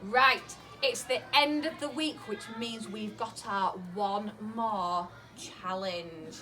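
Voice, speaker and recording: A woman teaching a maths lesson to a class of young children, slowly asking questions, encouraging their answers and repeating them back. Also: medium pitch, pushed and bright, soft background music. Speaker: early years teacher.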